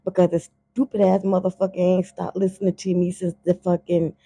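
Speaking a little fast in a lowish, slightly rough voice, a woman runs a casual podcast monologue full of bluntness and profanity, turning heated and animated when worked up. No room sound is audible.

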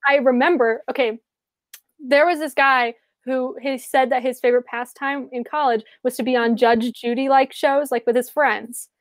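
High-voiced giggly woman chatting. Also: fairly even intonation, moderate pace, no room sound. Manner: giggly, acts out bits in funny voices. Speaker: podcast co-host. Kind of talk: casual chat.

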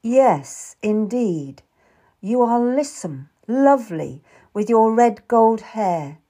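A woman reading the lines of a calm, tender young Tudor man who is courting, in an audiobook. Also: fairly high pitch, slow, exaggerated voice. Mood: earnest. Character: young Tudor man, earnest gentle suitor.

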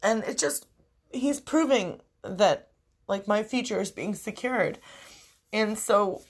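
A woman's voice: medium pitch, takes it slowly, long pauses, husky. A young woman speaks straight to her viewers in a personal vlog. She is crying through her words, her voice thick with tears, and swears freely. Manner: tearful, emotional, swears freely. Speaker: vlogger.

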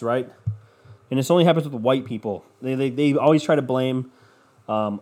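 A man's voice: mid-range voice, a little mellow. A young man hosting a casual solo podcast, rambling and self-deprecating, with frequent swearing. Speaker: podcast host.

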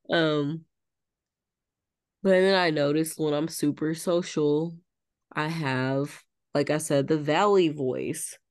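A woman's voice: sits low, lively intonation, takes it slowly, pauses often, a little mellow, dry recording, studio quality. A woman co-hosting a podcast in casual chat, thoughtful and searching for her words as she explains herself. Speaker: podcast co-host.

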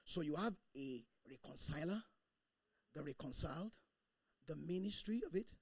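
Male pastor, high voice, lively swings, husky tone, dry close sound. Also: moderate pace, dry recording. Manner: animated, laughing, shouting bursts. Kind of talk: sermon.

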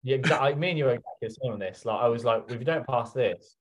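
A man at an ordinary middle pitch tells his stories in relaxed interview chat. He is animated and foul-mouthed, acting out what he said at the time. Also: rapid-fire. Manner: animated storytelling, acting out his own past remarks, heavy swearing. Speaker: podcast guest.

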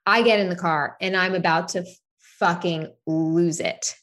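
A woman's voice: on the low side, fairly even intonation, unhurried, fairly bright tone. A woman in her thirties telling a personal story in casual podcast chat, candid, swearing freely and leaning on "like" fillers. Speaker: podcast co-host.

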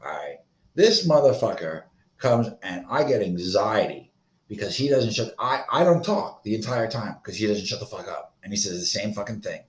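A man's voice: on the low side, lively intonation, normal speed, roomy sound. A man in his thirties from Florida, hosting a solo podcast in a profane, rambling, agitated rant. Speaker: podcast host.

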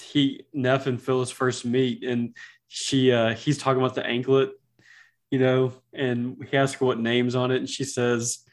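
A man co-hosting a podcast, talking about a film in a relaxed, halting way with many fillers. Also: mid-range voice. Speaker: podcast co-host. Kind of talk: casual film discussion.

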